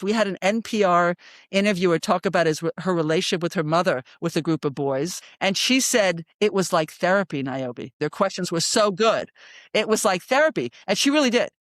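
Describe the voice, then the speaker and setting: A woman in her sixties, a psychologist guest in an interview, telling stories in an animated, emphatic way and often checking in with "right?". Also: fairly low pitch, no room sound, clean studio sound. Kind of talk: storytelling in a conversational interview.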